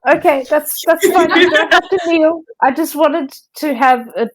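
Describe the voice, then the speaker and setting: A woman's voice: high-pitched, normal speed, rough recording. A woman player at a tabletop game, hesitant with lots of fillers. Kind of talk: tabletop play.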